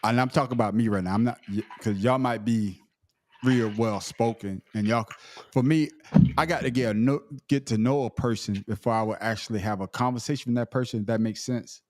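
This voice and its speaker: A man's voice: medium pitch, steady tone, fairly quick, a little mellow, no echo, clean studio sound. A man hosting a podcast panel in a loose, rambling way, repeating himself as he talks. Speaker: podcast host. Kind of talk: casual panel chat.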